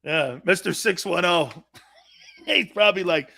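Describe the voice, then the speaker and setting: A high-pitched, bright-toned man hosts a sports talk show and spins animated stories between viewer comments. He laughs hard at his own jokes and talks in a loose, casual way. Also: a little slow, creaky. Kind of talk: casual live-stream chat reading viewer comments.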